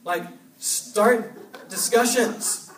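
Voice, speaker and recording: A young man giving an energetic youth sermon, urging with short repeated commands. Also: high voice, drawn-out words, a little hiss or hum. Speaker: youth pastor. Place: church hall. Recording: echoey hall, mic from a distance.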